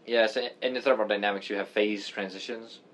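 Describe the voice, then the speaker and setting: A man's voice: lowish voice, steady tone, fairly quick. A man in casual chat, giving dry, brief replies and prompts.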